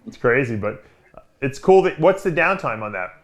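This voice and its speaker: A man hosts a podcast, telling stories in a loose, rambling way packed with filler words. His mid-range voice swings widely in pitch and moves at a moderate pace.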